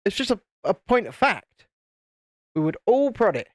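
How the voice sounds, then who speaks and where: A man's voice: sits high, big pitch swings, moderate pace, dry recording, studio quality. A man from the United Kingdom hosting a casual live stream, joking and reading out viewer comments while building. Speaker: YouTube channel host.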